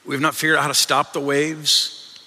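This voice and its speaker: A man's voice: a little high, flat delivery, a little fast, pushed and bright. A man preaching a sermon as a pastor, earnest and conversational, often repeating his words as he goes. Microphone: microphone. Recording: long reverb in a large hall.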